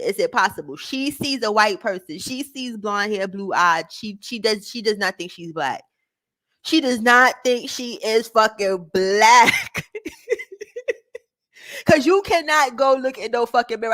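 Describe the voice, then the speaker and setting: A woman giving casual, slangy reaction commentary in an expressive, mocking way. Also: on the high side.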